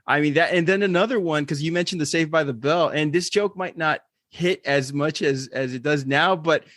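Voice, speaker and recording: A man's voice: a little high, moderate pace, a bit bright, dry recording. A man from Texas, co-hosting a casual podcast chat, laughing often and swearing casually. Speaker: podcast co-host.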